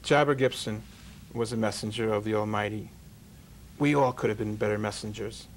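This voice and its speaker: A man's voice: fairly low pitch, steady tone, normal speed, a little hiss or hum. A man who is a rabbi hosting an interview show, telling jokes and parables in a folksy, sermon-like way. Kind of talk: sermon-like storytelling monologue.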